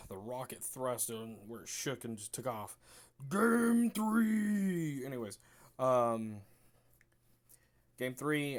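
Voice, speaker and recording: A young man casually recapping a card game match, chatty and relaxed, acting out both players' remarks. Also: fairly low pitch. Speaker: card game video creator.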